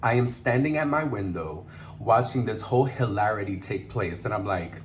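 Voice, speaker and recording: A man's voice: medium pitch, big pitch swings, moderate pace, slight background noise. A man vlogger eating on camera while telling a story, chatty and laughing, mixing in Spanish words. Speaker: mukbang vlogger.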